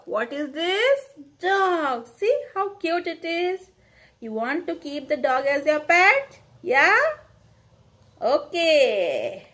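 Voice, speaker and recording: A young Indian woman teaching small children, speaking slowly in a sing-song way and repeating words for them to echo. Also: high voice, bright, forceful tone. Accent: Indian English. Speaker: pre-primary school teacher. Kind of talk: online lesson for small children.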